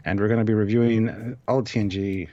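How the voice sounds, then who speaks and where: A man co-hosting a live-stream chat in a relaxed, halting way, with plenty of fillers. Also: fairly low pitch. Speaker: co-host. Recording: dull, dry lo-fi mic.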